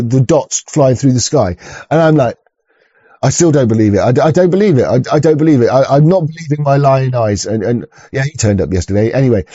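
A man's voice: mid-range voice, dark tone, breathy edge, no room sound, lo-fi sound. A man who rants through a video reaction, swearing and stumbling over his words. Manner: profane, stammering, rambling rant. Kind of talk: ranting reaction commentary.

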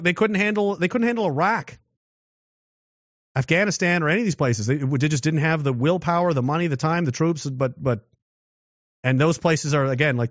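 In a dull, dry, lo-fi recording with no room sound, a man from Canada speaks at medium pitch. He rambles through a political commentary monologue, restarting sentences and posing rhetorical questions.

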